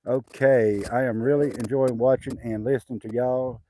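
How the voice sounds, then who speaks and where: A man's voice: medium pitch, fairly even intonation, normal speed, mellow, slight background noise. An older man with a Southern accent, chatting casually on a homestead live stream, rambling with lots of fillers and restarts. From Southwest Arkansas, USA. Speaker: homesteader livestreaming. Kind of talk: casual live-stream chat reading comments. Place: outdoors on a rural homestead.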